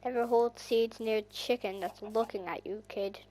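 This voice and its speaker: A woman with an Irish accent giving rambling, chatty gameplay commentary that bursts into excited squeals. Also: a little high, moderate pace. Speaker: gaming channel host.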